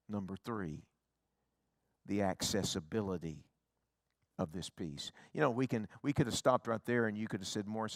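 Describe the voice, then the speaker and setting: A middle-aged man, an evangelist, preaching a revival sermon that moves from hushed, tender storytelling to loud, rising appeals. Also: fairly low pitch, no echo, studio quality.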